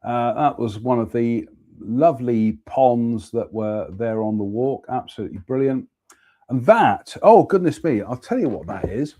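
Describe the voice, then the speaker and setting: A man's voice: mid-range voice, lively intonation, measured pace, dark tone. A man, chatting casually as host about a walk and a beer, then reading out a ghost story. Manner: chatty, exclamatory, reads labels aloud.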